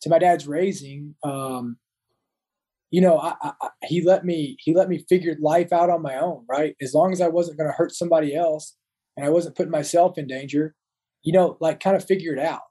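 A man's voice: on the high side, steady tone, moderate pace, mellow, breathy edge, rough recording. A man in his thirties, a Marine veteran, talking as a guest in an interview, often restarting and repeating words. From United States. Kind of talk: casual interview talk.

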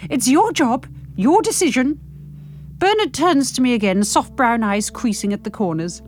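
A woman reading her own novel aloud with expressive, animated narration and frank humour. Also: sits high, normal speed.

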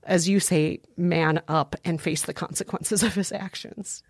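Woman co-host, lower voice, dry studio sound, eager and emphatic. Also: steady tone, a little slow, no echo. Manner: enthusiastic, warmly emphatic. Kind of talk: podcast movie-advice chat.

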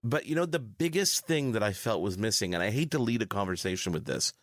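Low-voiced Canadian tech guest. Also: male voice, animated, fairly bright tone, no room sound, studio quality. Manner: measured, explanatory. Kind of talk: casual interview chat.

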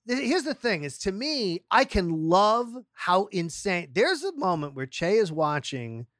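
A woman in casual chat, talking in an animated, profane way with frequent laughs. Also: medium pitch, unhurried, no echo, clean studio sound. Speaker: podcast co-host.

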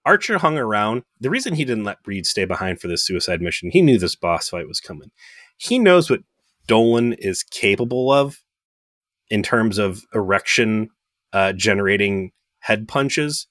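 A man's voice: on the low side, big pitch swings, moderate pace, a bit bright, dry recording, clean studio sound. A man co-hosting a podcast, recapping a TV episode in rambling, profane, joking casual chat. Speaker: podcast co-host.

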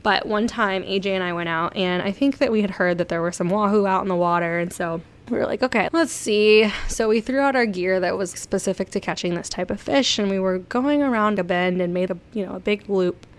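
A young woman from South Florida telling stories casually to her viewers, chatty and excitable, laughing often. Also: mid-range voice, brisk, few pauses. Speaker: vlogger. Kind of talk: casual storytelling.

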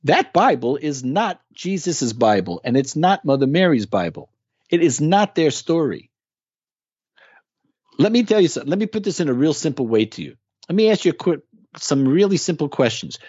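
A man's voice: on the high side, big pitch swings, normal speed, a little mellow, slightly rough, no room sound, dull audio. A man talking as a guest in a casual interview, explaining with earnest emphasis. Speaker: guest musician.

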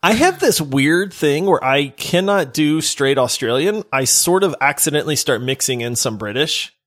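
A man co-hosting a casual gaming podcast, animated and quick to laugh, talking into a close mic at home. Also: a little high. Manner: animated, laughing, does silly voices when reading. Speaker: podcast co-host. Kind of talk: casual chat.

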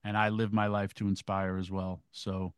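A man's voice: low-pitched, completely flat delivery, moderate pace, clear, resonant tone, no room sound. A middle-aged man co-hosting an interview, telling an earnest story with intense, profane punchlines. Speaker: co-host. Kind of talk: casual interview chat.

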